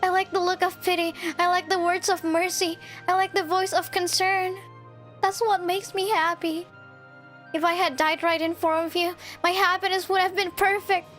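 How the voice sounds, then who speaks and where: A woman's voice: extremely high pitch, flat delivery, moderate pace, a bit bright, pitched above the performer's own voice. A woman voicing a self-destructive young anime girl who loves being pitied, reading a visual novel aloud in a pleading, wistful manner. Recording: faint game music behind.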